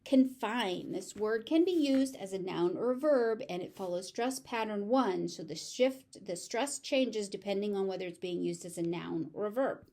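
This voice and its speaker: In a warm, mid-range voice at a moderate pace, a General American woman runs a slow pronunciation lesson with hardly any pauses. She repeats each English word several times, taking care with the stress.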